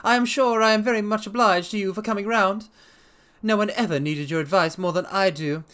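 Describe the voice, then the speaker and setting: A reader putting on a jittery, high-voiced sickly man. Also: a bit bright, lightly acted. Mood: nervous. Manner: anxious, pleading, hurried. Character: nervous flabby sickly middle-aged man.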